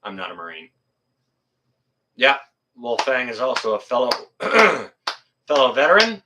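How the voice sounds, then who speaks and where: A man's voice: medium pitch, huge pitch swings, unhurried, noisy background. A middle-aged man hosting a casual livestream, rambling and joking as he reads viewer comments, with mild swearing. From Canada. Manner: rambling, joking, swears mildly, laughs at chat. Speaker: livestream host. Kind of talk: casual live chat reading viewer comments.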